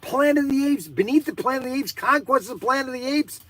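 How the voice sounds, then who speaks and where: A man hosting a live stream in casual chat, rambling and excitable with many fillers. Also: very high voice, fast talker.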